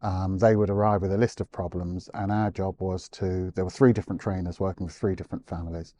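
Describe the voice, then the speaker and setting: Quick-talking man explaining dog behaviour. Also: sits low, a little hiss or hum. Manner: animated storyteller, acts out quotes. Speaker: guest animal behaviourist. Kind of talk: explanatory interview talk.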